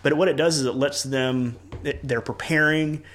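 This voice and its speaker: Earnest man, animated church talk. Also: on the high side, moderate pace. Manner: earnest, animated, acts out quoted dialogue. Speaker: church leader and parent. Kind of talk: casual podcast conversation.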